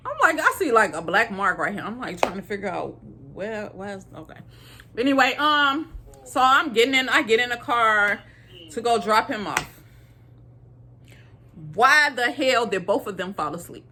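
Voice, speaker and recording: A young adult woman from Illinois telling a dating story to her viewers in a casual, animated way, laughing often. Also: on the high side, moderate pace, slight background noise. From Illinois, USA.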